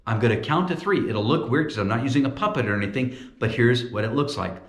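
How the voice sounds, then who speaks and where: A man giving a playful, comic ventriloquism demonstration, talking in a lively storytelling way. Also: medium pitch, fast talker, echoey room. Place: church.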